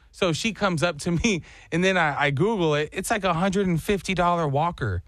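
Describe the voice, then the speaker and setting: A young man telling a comic story on a podcast, animated and acting out the voices. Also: fairly high pitch, fairly quick, hardly any pauses, dry recording.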